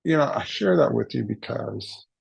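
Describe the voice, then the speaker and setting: His medium-pitched voice is creaky and husky, with lively intonation and a moderate pace, as he recounts a funny personal story for a virtual summit. He playfully imitates the people he quotes, and there's no room sound.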